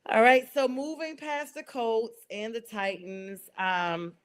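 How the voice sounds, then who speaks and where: A woman from North Carolina with a Southern accent, hosting a casual sports talk show, chatty and quick to laugh. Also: fairly high pitch, clear, resonant tone. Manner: chatty, laughs often, animated asides.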